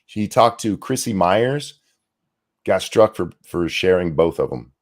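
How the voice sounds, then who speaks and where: A man hosting a ranting commentary show, profane and indignant, talking in fast bursts. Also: low-pitched, expressive.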